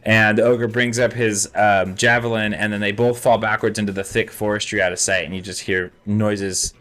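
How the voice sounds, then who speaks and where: A man runs a tabletop game in a loose, casual way, pausing to check rules and swearing freely. His voice is fairly low, and faint music plays underneath. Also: fairly even intonation, a bit bright. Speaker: game master.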